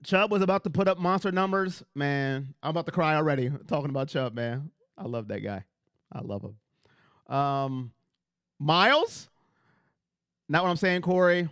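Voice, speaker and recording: A man's voice: very high-pitched, bright, forceful tone, clear, resonant tone, dry recording, studio quality. A man hosting a casual fan livestream on a headset mic, talking emphatically and repeating himself as he speaks straight to his chat.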